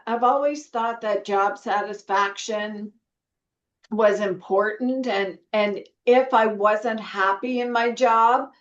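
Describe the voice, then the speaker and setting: A middle-aged woman from Canada, a nurse educator as interview guest, telling stories in an earnest, reflective way with many fillers. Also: fairly high pitch. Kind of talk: conversational storytelling interview. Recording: dull, echoey room sound.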